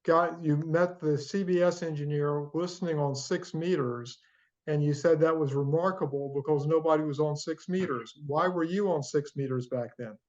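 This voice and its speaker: A man's voice: on the high side, normal speed. A man in the audience asking a question on a video call, polite and a bit hesitant. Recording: dull, muffled video-call audio.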